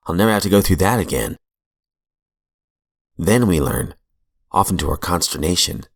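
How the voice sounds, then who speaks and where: A man reading aloud from a recovery book in a measured, earnest way, with brief asides, into a close mic in a small room. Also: low voice, creaky, a bit bright. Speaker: reader of recovery literature.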